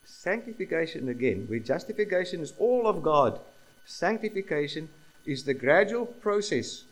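A male preacher delivering a sermon in a voice pitched a little above the usual. He talks emphatically, repeats key phrases and keeps asking his listeners questions. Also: sing-song, normal speed, rough recording.

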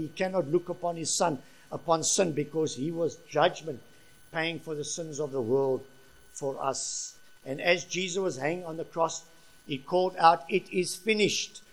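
A man preaching with fervent conviction. His voice sits a little higher than most men's and swings between ringing emphasis and hushed, earnest phrases. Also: normal speed. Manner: impassioned, swings from soft to loud. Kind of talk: sermon.

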